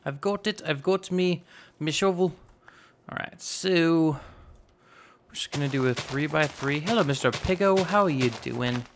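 A man in his twenties with a slightly raspy voice, casually narrating a building game and rambling as he goes. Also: on the high side, a little slow, noisy background. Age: 20s. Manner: rambling, self-teasing, narrates each step aloud. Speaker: gaming YouTuber. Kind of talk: casual Minecraft let's play commentary.

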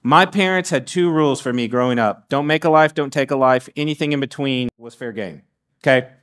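A middle-aged man giving a sermon as guest preacher, animated, with frequent restarts and acted-out asides. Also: mid-range voice, fairly quick. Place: church sanctuary.

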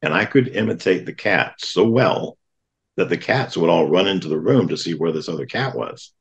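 Middle-aged male guest, deep and gravelly, earnest plain storytelling. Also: moderate pace. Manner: earnest, plainspoken recounting of childhood memories. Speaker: podcast guest. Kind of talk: storytelling in an interview.

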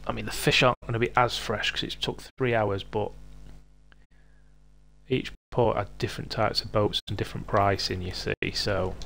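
Gravelly streamer. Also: male voice, fairly low pitch. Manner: chatty, excitable, talks himself through each catch. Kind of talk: live gameplay commentary. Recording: loud game noise under voice.

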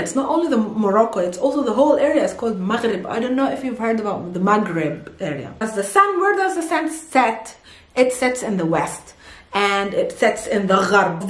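A woman teaching Arabic in a casual, playful lesson, asking herself questions and answering them; Arabic is her first language. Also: on the high side. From Holy Land. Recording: roomy echo.

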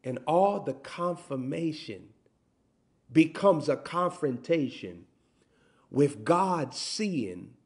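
Male preacher, higher voice, swings between shouts and hushed lines. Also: lively intonation. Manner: rising to loud bursts then dropping low, drawn-out emphatic phrases. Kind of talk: sermon.

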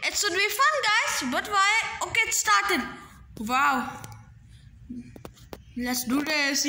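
High-voiced woman, bright tone, excitable gaming commentary, slow drawn-out speech, faint hiss. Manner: excitable, dramatic outbursts, sing-song humming. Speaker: gaming vlogger. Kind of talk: live game commentary.

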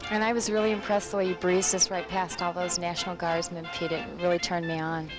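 A woman co-hosting a casual on-location talk show, chatty and wry, with some halting restarts. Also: lowish voice, flat delivery, music in the background, low-quality recording. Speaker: co-host.

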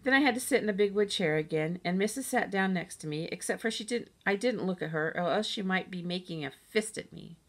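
A woman narrating a children's audiobook in a lively first-person storytelling manner. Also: mid-range voice, a little fast, few pauses. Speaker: audiobook reader.

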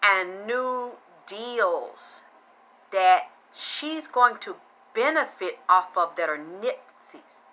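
A woman with a bright, sharp-edged voice hosts a casual live-streamed psychic reading. She talks bluntly and loosely and swears freely, and she keeps thanking her viewers by name between her points. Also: mid-range voice, lively intonation, extremely slow, poor audio.

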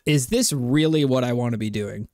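A young man in his twenties speaks candidly to his viewers, thinking out loud in a reflective, rambling way with plenty of fillers and soft laughs. His voice sits at an ordinary middle pitch and is recorded dry and close, with no room echo. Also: moderate pace. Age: 20s. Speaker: content creator. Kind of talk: candid personal vlog talk.

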